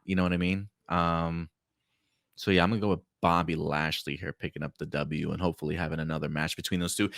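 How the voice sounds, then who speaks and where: A man's voice: on the low side, fairly bright tone, no room sound, studio quality. A man hosting a casual prediction podcast, talking in a laid-back, rambling way with many fillers. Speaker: podcast host. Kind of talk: casual chat.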